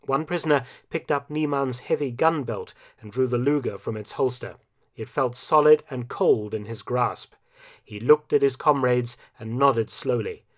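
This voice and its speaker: A man reading a scripted historical narration in a measured, grave storytelling manner. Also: medium pitch.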